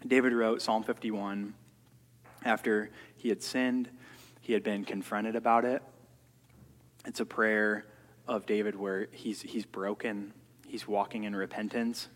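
A man's voice: lowish voice, fairly even intonation, unhurried, pauses often. A man preaching a sermon earnestly, often repeating words as he works through his points. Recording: long hall reverb.

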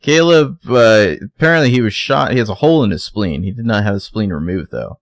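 A man's voice: on the low side, expressive, a little fast, no room sound. A man co-hosting a casual podcast, recapping a TV episode with jokey sarcasm and acted-out quotes. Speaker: podcast co-host.

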